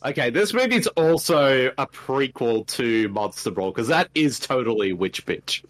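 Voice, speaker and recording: A man's voice: mid-range voice, measured pace. A man with an Australian accent, co-hosting a casual movie watch-along podcast and joking around. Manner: jokey, animated, laughs often. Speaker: podcast co-host.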